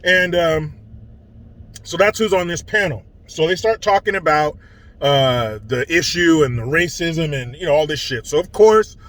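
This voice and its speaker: Male commentator, high voice, slow deliberate pace, mocking and profane rant style. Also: fairly bright tone. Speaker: online commentator. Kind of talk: ranting commentary.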